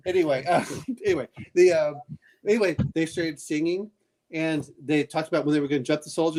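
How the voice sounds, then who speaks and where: Casual male storyteller, halting delivery, slightly raised pitch. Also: a little mellow. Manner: rambling storyteller, halting with fillers. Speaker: game master. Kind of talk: casual chat.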